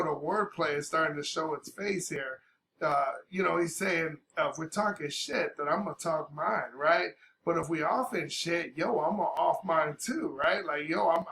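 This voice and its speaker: A man's voice: a little high, gravelly, sharp tone, slight background noise. A sick man at home giving casual, laid-back reaction commentary on a rap track, with fillers and some coughing. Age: older adult. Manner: laid-back, talks over paused music with fillers. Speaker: reaction video host.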